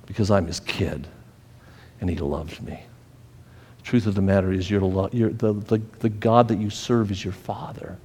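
A man's voice: lowish voice, warm tone, husky, big-room sound. A male pastor preaching a sermon, telling a personal story with feeling and often repeating and restarting his phrases.

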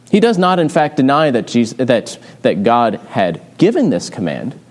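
Man preaching a measured, explanatory sermon. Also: medium pitch, darkish tone. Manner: measured and explanatory, with frequent "uh" pauses. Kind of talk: expository sermon.

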